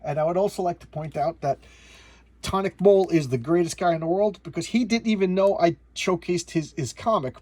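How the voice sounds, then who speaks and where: A man's voice: sits high, brisk, darkish tone, dry recording. A man talking casually and sarcastically about an old comic, rambling with many restarts and trailing asides. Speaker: comic book reviewer. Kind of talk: casual comic review monologue.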